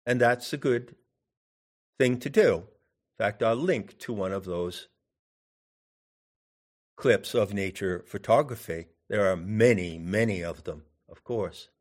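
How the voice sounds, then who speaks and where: A man teaching in a deliberate way, pausing to put questions to the listener. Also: on the low side. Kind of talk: meditative teaching talk.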